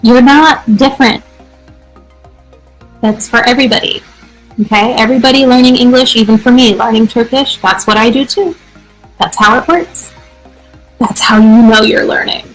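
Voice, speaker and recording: A woman's voice: fairly high pitch, moderate pace, pauses often, faint music behind, low-quality recording. A woman teacher hosting a live question-and-answer stream, chatty, upbeat and reassuring. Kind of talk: live casual Q&A.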